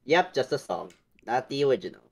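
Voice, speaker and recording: A young man co-hosting a casual online chat, sounding sheepish and apologetic, often halting. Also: mid-range voice, very animated, creaky, husky. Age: young adult. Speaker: co-host.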